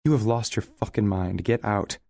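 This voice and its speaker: A male narrator voicing a young woman with a fiery temper, who shouts and breaks into tears in an audiobook. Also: on the low side, brisk, no room sound, clean studio sound, voice pushed up. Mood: furious. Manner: shouting, tearful outbursts. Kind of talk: audiobook character voice.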